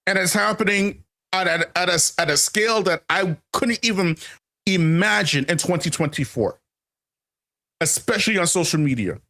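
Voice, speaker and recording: A man's voice: sits high, normal speed, pushed and bright. A man hosting a casual commentary monologue, emphatic and repetitive, calling his viewers family and laughing often. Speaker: channel host.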